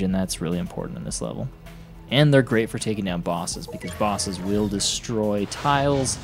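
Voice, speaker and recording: Low-voiced young man rambling over game music. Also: vocal fry, darkish tone. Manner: rambling, laughs often, blunt and mocking. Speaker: gaming commentator. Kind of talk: casual gameplay commentary. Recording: music playing behind voice.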